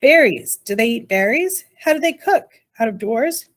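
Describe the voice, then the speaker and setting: A woman's voice: a little high, animated, normal speed, close to an everyday voice. A woman reading aloud, voicing an anxious little borrower mother who moans and frets. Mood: fretful. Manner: moaning, wailing, fussy.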